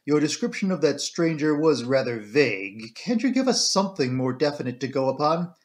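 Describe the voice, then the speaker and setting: A man voicing a grim police inspector who presses with brisk questions in an amateur audiobook reading. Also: a little high, big pitch swings.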